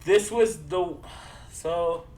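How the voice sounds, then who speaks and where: A man's voice: sits high, very slow, a little mellow. A young man co-hosting a podcast, telling a long, rambling story in casual chat, swearing freely and acting out both sides of a conversation. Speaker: podcast co-host.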